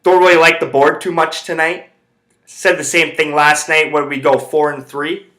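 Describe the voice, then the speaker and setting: Man, bright and forceful tone, slightly high voice, profane rambling rant. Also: level tone, normal speed. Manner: rambling, heavy swearing. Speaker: podcast host. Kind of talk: casual storytelling rant.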